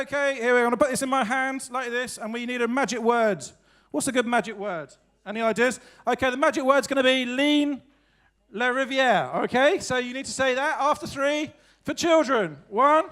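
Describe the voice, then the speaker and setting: On stage at a live evening event, a man hosts the show and introduces acts, bantering comically with the audience in a self-mocking, jokey way. His voice is extremely high-pitched with a fairly bright tone.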